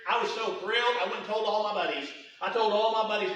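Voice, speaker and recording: A man's voice: high voice, fast, hardly any pauses, a bit bright. Man, middle-aged, sermon, folksy repetitive storytelling, roomy hall, distant mic. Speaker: pastor. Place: church sanctuary.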